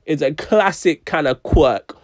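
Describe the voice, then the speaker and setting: A man's voice: a little high, measured pace. A young man casually reviewing music tracks, chatty and frank, hedging often with "I don't know".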